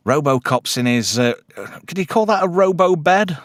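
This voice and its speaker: A man's voice: on the high side, animated, normal speed, dry recording, clean studio sound. A man hosting a casual film chat, crude jokes and many fillers. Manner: chatty, crude joking, lots of fillers. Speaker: podcast host.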